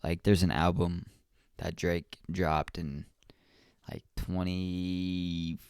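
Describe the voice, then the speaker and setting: Young male podcast host, slow and rambling, reflective, dry close sound. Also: sits low, flat delivery, vocal fry, a little mellow, smooth, dry recording. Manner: rambling and reflective, with many ums and restarts. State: yawning often. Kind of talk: casual solo podcast talk.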